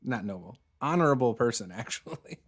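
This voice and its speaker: A man running a tabletop game as dungeon master, relaxed and quick to laugh. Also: medium pitch, husky.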